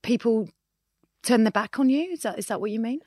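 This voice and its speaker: A woman's voice: fairly high pitch, expressive, brisk, darkish tone, no room sound, clean studio sound. A woman hosting an interview, encouraging and playful, asking probing follow-up questions. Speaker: interviewer, host. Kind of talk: casual interview chat.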